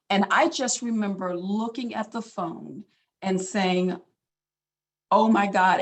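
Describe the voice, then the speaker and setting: A middle-aged woman speaks in an ordinary mid-range voice, telling a personal story loosely and casually. She fills her talk with little asides and restarts, speaking as a doctor addressing a community audience. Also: mid-range voice. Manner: casual storytelling, many fillers. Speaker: physician speaker.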